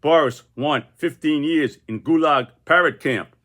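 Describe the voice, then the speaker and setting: A man's voice: fairly high pitch, a little slow, fairly bright tone, pitched above the performer's own voice. A man playing a stern, blunt leader. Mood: menacing, blunt. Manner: blunt broken phrases. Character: stern male Russian leader, blunt and menacing.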